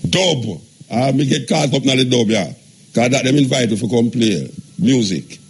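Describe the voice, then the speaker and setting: A man's voice: medium pitch, animated, moderate pace, breathy edge. A man hosting a radio show. He talks in a loose, rambling way and repeats himself. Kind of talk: talk radio chat.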